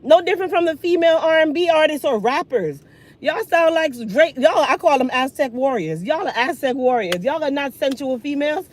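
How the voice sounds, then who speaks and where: A woman in her thirties ranting casually while getting ready, sassy and animated, talking with food in her mouth. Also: high voice, brisk. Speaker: hair care vlogger.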